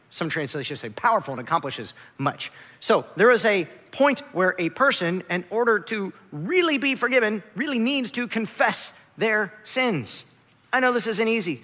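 A man in his thirties preaching a sermon as a pastor, lively and emphatic, dropping to soft, quiet asides. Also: fairly high pitch, normal speed, long reverb tail.

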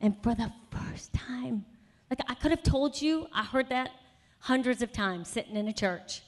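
At a conference session, a woman gives a sermon sharing her personal testimony. Her voice is fairly high and expressive, a little slow, and she tells her story conversationally with plenty of asides before building to emphatic conviction.

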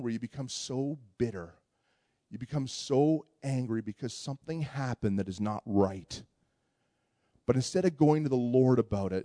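A man's voice: medium pitch, darkish tone, no echo. A man preaching a sermon, retelling a story in a conversational way and often repeating words as he goes. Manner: conversational, repeats words while searching for them.

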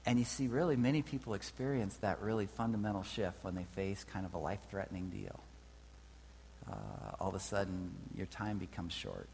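A man's voice: deep voice, animated, normal speed, vocal fry, a little mellow. A man preaching a sermon in a conversational way, often checking in with his listeners. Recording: reverberant hall with faint hum.

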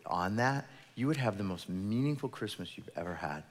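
Male pastor, lowish voice, casual storyteller, sermon in a reverberant church hall. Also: expressive, normal speed, slight background noise. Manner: casual storytelling, retells scripture in everyday words. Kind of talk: conversational sermon.

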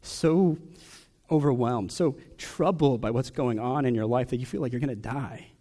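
A young adult man preaching a personal sermon, asking question after question with long pauses. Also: medium pitch, mellow. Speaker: pastor.

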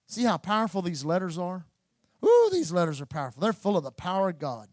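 A man preaching a sermon as pastor, building to loud, repeated calls to his church. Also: high voice, sing-song, fairly quick, no echo. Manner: preaching with rising, shouted repetition.

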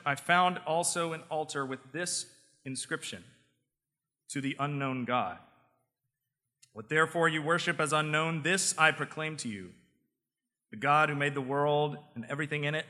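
An earnest apostle addressing a crowd, read aloud by a preacher in a measured, proclaiming voice. The tone is very bright and cutting, and a long reverb trails behind each phrase from a large hall. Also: male voice, on the high side, voice pushed up.

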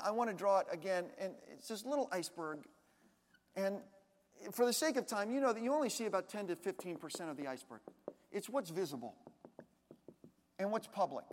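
Man, pastor, sermon, very high voice, dynamic delivery, loud bursts and quiet asides, long hall reverb.

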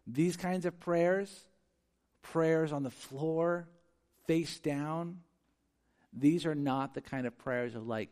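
A man preaching a sermon as pastor. He swings between hushed and emphatic phrases, asks his listeners questions and acts out quoted voices. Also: a little high, slow pace, long pauses.

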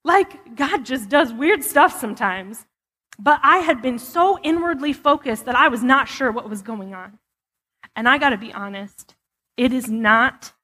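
A woman with a higher, sharp-toned voice speaks candidly at church, telling her personal testimony in a chatty way with frequent fillers. The sanctuary gives the recording a long reverb.

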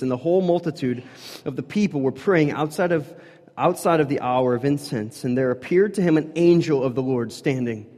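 A man's voice: medium pitch, dark tone. A man preaching a sermon, reading scripture aloud and then explaining it in a casual, conversational way with asides and fillers. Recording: long reverb of large hall.

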